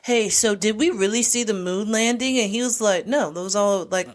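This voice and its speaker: A woman with a mid-pitched voice recaps a film on a podcast in a casual chat. She tells the story with energy and slips into the characters' lines as she goes. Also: moderate pace. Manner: animated storyteller, acts out quoted lines. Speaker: podcast co-host.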